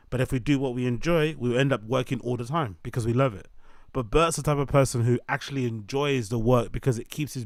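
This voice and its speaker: A man delivers an opinionated commentary rant. He stacks points into quick lists at a mid-range pitch. The sound is close and dry, with no room echo. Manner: opinionated, rapid listing, sarcastic. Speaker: commentary channel host. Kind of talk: ranting commentary on a podcast clip.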